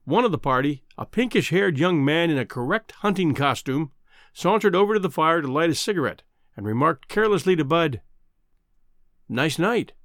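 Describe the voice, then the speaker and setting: A man narrating a classic story in an expressive storytelling manner. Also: on the high side, a little fast, no room sound, studio quality. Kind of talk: audiobook narration.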